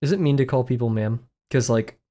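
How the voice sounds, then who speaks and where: A young man with a Southern US accent talks his way through a casual live stream. He rambles, chuckles often and makes fun of himself. His voice sits at a middle, everyday pitch. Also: a little fast, warm tone. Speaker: art streamer.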